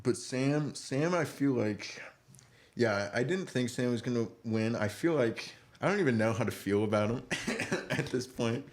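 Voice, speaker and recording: A man's voice: mid-range voice, animated, measured pace. A young man co-hosting a podcast, chatting casually about a reality show and acting out people's lines in exaggerated voices, often laughing. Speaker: podcast co-host. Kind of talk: casual reality-TV recap chat.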